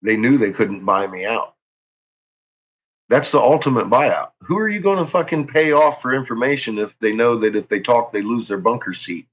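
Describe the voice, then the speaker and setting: A man's voice: mid-range voice, expressive, normal speed, fairly bright tone. A man hosting his own channel, ranting angrily into the camera with profane, threatening outbursts, jittery and tense. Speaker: channel host. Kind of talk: angry ranting monologue. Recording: dull lo-fi recording.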